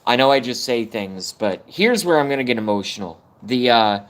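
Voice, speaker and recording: A man with a medium-pitched voice and lively intonation talks at a normal speed while hosting his own YouTube live stream. His monologue is blunt, profane and rambling, and he swings between energy and fighting back tears at times.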